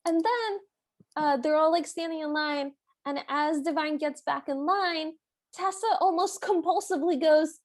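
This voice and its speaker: A woman's voice: high voice, normal speed. A woman co-hosting a podcast, chatting casually and laughing as she retells a film. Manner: giggly, animated retelling. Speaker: podcast co-host. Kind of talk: casual chat recapping a film.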